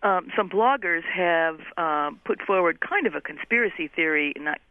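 A woman guest on a radio talk show, calmly explaining political issues at length. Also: fairly low pitch, normal speed, dry recording. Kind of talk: analytical radio discussion. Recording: tinny phone line.

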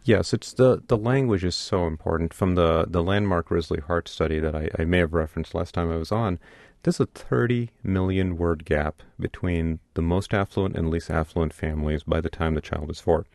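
A man's voice: deep voice, moderate pace, vocal fry, darkish tone, no room sound, studio quality. A middle-aged man, a pediatrician, explaining earnestly in an interview and often repeating words as he starts. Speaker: pediatrician guest. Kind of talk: radio interview.

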